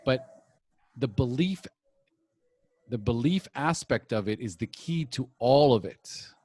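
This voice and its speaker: Slow, earnest man on a podcast. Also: mid-range voice, lively intonation, a little mellow, slightly rough, no echo. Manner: earnest, reflective, speaks in mini-lectures. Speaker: podcast host. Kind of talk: recovery podcast conversation.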